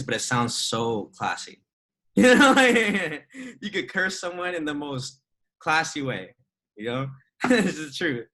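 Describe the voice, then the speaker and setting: A young man giving an energetic, chatty motivational talk to a group on a video call. He often adds "right?" and laughs as he goes. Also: medium pitch, rough recording. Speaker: trading mentor speaking to a group call.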